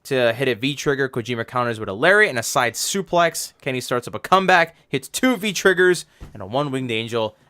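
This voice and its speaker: A man's voice: mid-range voice, animated, a little fast, hardly any pauses, pushed and bright, clear, resonant tone. Guy cohosting a wrestling podcast, swears a ton, rambles and laughs, just hanging out talking. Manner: rambling, laughs often, curses freely. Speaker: podcast host reviewing wrestling. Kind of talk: casual profane chat and recap.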